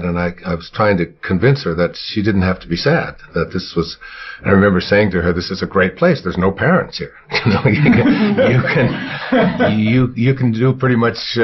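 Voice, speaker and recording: An older man with a husky voice, telling childhood stories in an interview, rambling with fillers and restarts. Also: deep voice. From United States. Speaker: interview guest. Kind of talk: reflective storytelling interview. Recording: dull lo-fi recording.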